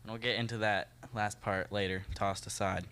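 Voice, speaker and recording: A man leading a Bible study for a group, reading verses and explaining them in a relaxed, joking way, talking straight to his listeners. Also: fairly low pitch, normal speed, clear, resonant tone. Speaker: youth Bible study leader. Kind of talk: casual Bible teaching talk.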